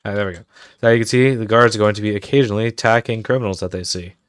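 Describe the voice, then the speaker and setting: A man's voice: on the low side, rapid-fire, clear, resonant tone, no room sound. A man casually talking through his game-building work on a livestream, muttering commands as he types. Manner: mutters commands aloud while typing. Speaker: streamer and game developer.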